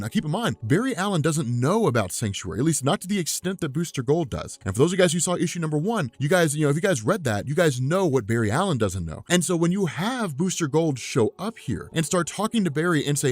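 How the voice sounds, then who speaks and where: Male comics explainer, fairly high voice, rapid rambling delivery. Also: no echo. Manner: rambling, excitable, acts out quotes loosely. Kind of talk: casual recap commentary.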